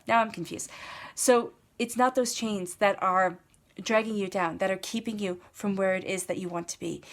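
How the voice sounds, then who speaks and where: A woman giving a casual tarot reading, talking straight to the listener in an encouraging way and repeating her phrases. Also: medium pitch. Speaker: tarot reader.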